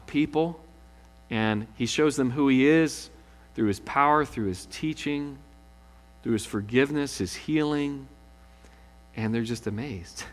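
Man, pastor, lively sermon storytelling, mid pitch, echoing hall, low hum. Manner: animated storytelling, acting out quotes.

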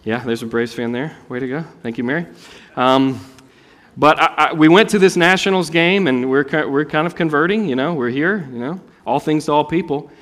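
A man from North Carolina preaching a sermon as a pastor, telling stories with swings from loud emphasis to soft asides. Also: a little high, moderate pace, long reverb tail. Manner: animated storytelling, rising loud for emphasis and dropping soft. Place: church sanctuary.

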